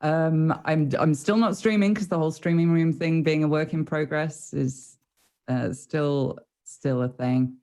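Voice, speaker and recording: A woman talking casually and excitedly about her week after a tabletop game session, swearing freely. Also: low voice, a little slow. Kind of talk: casual chat.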